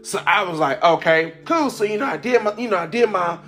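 A man hosting his own podcast, telling a casual story in an animated way, laughing often and acting out the voices of people he quotes. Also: high voice, a little fast, soft background music. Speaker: podcast host.

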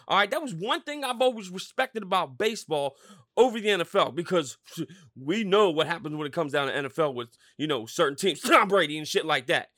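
A man with a high, bright voice rants and swears through a sports podcast, his pitch leaping all over. The sound is dry and close. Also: lively intonation, brisk, no room sound. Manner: loud, swearing, rambling and fired-up. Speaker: podcast host. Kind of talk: profane sports rant.

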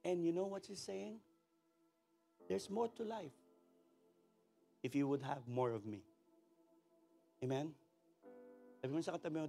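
Filipino pastor guy preaching, high pitched and kinda raspy, animated, mixes english and tagalog. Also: normal speed, long pauses, faint music behind. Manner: animated, calls for responses from the congregation; switches between English and Tagalog mid-sentence. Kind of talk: sermon.

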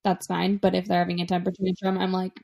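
Chatty young mom co-hosting a podcast. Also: female voice, fairly low pitch, fast talker, creaky. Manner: relaxed, chatty, laughs often. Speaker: podcast co-host, mother. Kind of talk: casual chat.

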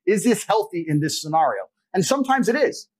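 A man's voice: high voice, lively intonation, a little fast, a little mellow. A man giving a blunt, profane, lecturing monologue as a podcast guest. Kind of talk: forceful monologue.

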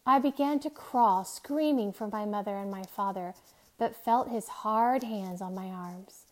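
A woman reading a novel aloud in a steady, soft, measured way. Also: mid-range voice. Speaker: reader.

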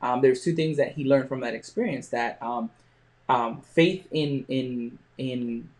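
A man hosting a podcast, telling a motivational story with frequent pauses and restarts. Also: mid-range voice, a little mellow. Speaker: podcast host.

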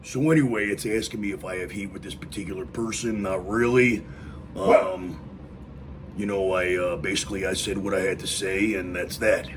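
A man's voice: low voice, fairly even intonation, moderate pace, heavy background noise. A man answering fan questions in a casual live stream from home, rambling with lots of fillers and "you know what I mean.". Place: home with dogs barking nearby.

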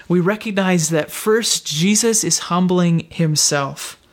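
A man with a somewhat high voice preaches a sermon, retelling a scene in a reflective, storytelling manner. His phrasing is slow and deliberate, with pauses.

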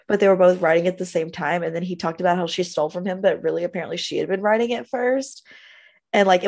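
A woman co-hosting a podcast, recapping a TV episode in casual chat, animated and gushing, laughing often. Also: fairly low pitch. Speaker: podcast co-host.

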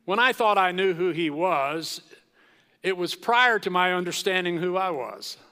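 A man preaching from the pulpit in slow, deliberate phrases with long dramatic pauses. His voice is bright and a little high for a man. Long reverb from the large hall trails each line. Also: animated, clear, resonant tone. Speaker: pastor. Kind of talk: sermon.

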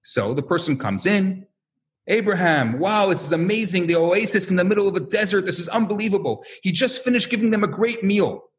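Man, storytelling talk, lively pitch, high voice, acts out quotes. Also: brisk. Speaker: lecturer.

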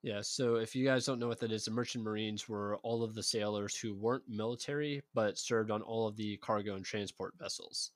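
A man's voice: lowish voice, fairly even intonation, a little fast, hardly any pauses, no room sound, clean studio sound. A man co-hosting a casual history podcast, explaining the story in a matter-of-fact, informative way. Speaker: podcast co-host telling the history.

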